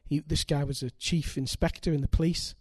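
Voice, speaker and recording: Older preacher, emphatic and dry. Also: male voice, fairly high pitch, a little fast, dry recording. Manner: animated, building to loud emphatic peaks. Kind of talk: sermon with storytelling.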